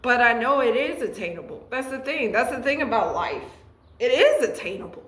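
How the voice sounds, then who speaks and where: A woman's voice: fairly high pitch, very animated, fairly quick, reverberant, poor audio. A woman giving a tarot reading and chatting about her own life, earnest and emotional, often restarting her sentences. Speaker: tarot reader. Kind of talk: tarot reading with personal chat.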